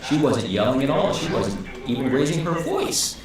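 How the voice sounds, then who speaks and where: A man teaching acting in an instructional video, calm and explanatory, asking rhetorical questions. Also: mid-range voice, moderate pace. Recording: echoey room with crowd noise behind.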